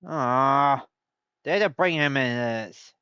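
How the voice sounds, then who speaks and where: A man's voice: medium pitch, slow, pushed and bright, clear, resonant tone, no room sound, studio quality. A man streaming a game live, rambling and thinking aloud as he plays. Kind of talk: live gameplay commentary.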